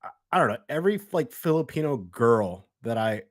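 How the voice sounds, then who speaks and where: Laid-back Chicago man, halting speech. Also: mid-range voice, sing-song, dry recording, studio quality. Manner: halting, loose, full of fillers and restarts. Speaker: podcast guest. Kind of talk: casual chat.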